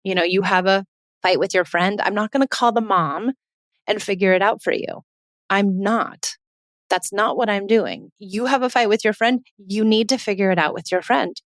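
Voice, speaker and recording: A woman's voice: medium pitch, moderate pace, dry recording, studio quality. A woman, hosting a parenting podcast in an earnest, emphatic monologue that keeps repeating her points.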